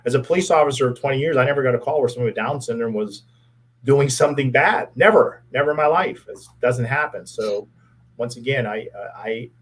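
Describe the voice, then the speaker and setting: A man's voice: medium pitch, fairly quick, slightly rough, rough recording. A middle-aged man from the Pittsburgh area, a former police officer, telling a heartfelt story in a casual interview, earnest and often repeating his words.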